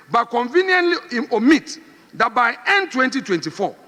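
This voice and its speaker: A man's voice: high voice, sharp tone. A middle-aged man with a Ghanaian accent giving an emphatic, combative parliamentary speech, repeating phrases for stress. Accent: Ghanaian English. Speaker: member of parliament. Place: large parliament chamber. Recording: reverberant chamber.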